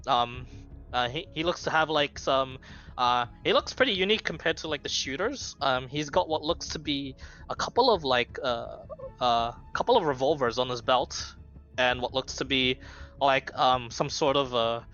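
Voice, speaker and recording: A man narrating as game master of a tabletop game, halting, with fillers and restarts. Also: medium pitch, animated, sharp tone, lo-fi sound, faint music behind.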